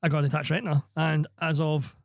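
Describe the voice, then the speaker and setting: A young Scottish man telling a sweary, animated story as podcast co-host. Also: a little high, fast talker, dry recording, studio quality. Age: young adult. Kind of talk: casual chat.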